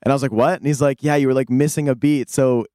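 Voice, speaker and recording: Quick, animated young storyteller man. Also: mid-range voice, no room sound, studio quality. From United States. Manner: animated storyteller, acts out quotes and hums riffs. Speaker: rock band member. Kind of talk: casual interview anecdote.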